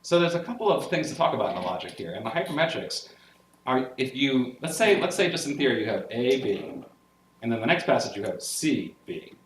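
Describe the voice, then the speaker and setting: A man's voice: medium pitch, brisk, a little hiss or hum. A man teaching music theory in a classroom lecture, explaining passages step by step with solfege syllables and enthusiastic checks with his listeners. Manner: energetic and enthusiastic about the music. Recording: roomy echo with clear piano. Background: piano playing.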